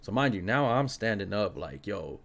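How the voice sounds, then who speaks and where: Young man, casual spooky storytelling, animated, lower voice, lots of fillers. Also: normal speed. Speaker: podcast host.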